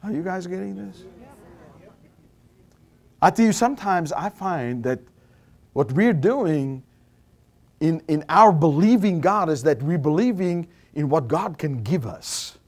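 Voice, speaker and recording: Animated South African man preaching. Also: on the high side, unhurried, pauses often. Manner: animated, rising to shouts at climaxes. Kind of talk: storytelling sermon. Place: Bible college meeting hall with audience.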